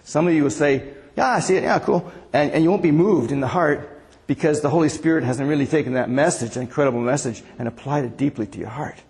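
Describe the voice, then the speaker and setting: Man, pastor, casual sermon, slightly high voice, reverberant hall. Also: fast talker, a little mellow. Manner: conversational, asks the congregation questions.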